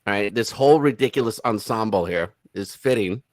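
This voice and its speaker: A man's voice: fairly low pitch, fairly quick, no echo. Brief: sarcastic male commentator, casual, dry room. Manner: sarcastic, exclaims and mocks.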